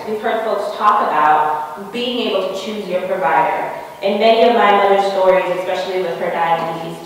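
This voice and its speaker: A young adult woman with an American accent, giving earnest public testimony at a forum, speaking in measured phrases with frequent pauses. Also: on the low side, a little hiss or hum. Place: large public meeting room. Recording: distant mic in an echoey hall.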